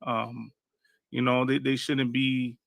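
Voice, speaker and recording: A man joins a livestream to put a question to the host, circling through fillers and false starts before he gets there. His voice is bright and forceful with little variation in pitch. The video-call audio is dry, with no room sound. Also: level tone, slow pace, creaky, dry recording. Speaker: livestream participant. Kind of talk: casual question on a group stream.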